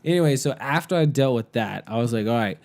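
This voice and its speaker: A man telling a story in casual chat. He is animated, laughs often and says "like" all the time. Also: medium pitch, quick pace. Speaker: podcast guest storyteller.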